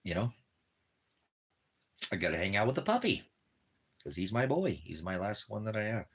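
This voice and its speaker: Speaking from his desert home in an offhand vlog style, a man with a very low, husky voice rambles loosely and repetitively. He baby-talks his dog dotingly, then slides into religious preaching; his pitch swings widely, the pace is moderate, and the tone a bit bright.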